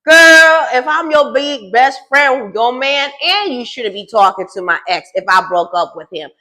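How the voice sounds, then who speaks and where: A woman's voice: a little high, animated, unhurried, few pauses, sharp tone. A woman recapping a reality show in a casual gossip style, sassy and teasing as she talks straight to the cast.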